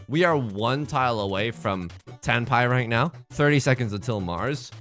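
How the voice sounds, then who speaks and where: Young male streamer, excitable and rambling, slightly high, animated voice. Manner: excitable, rambling, talks to himself. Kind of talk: casual live-stream game commentary. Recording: faint music under the voice.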